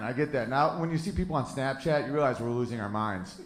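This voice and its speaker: A man's voice: medium pitch, lively intonation, a little hiss or hum. A man in his thirties doing a brash, profane stand-up comedy set live on a club stage. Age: 30s. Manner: brash, loose and profane, with quick jokey asides. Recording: roomy live club recording with audience laughter.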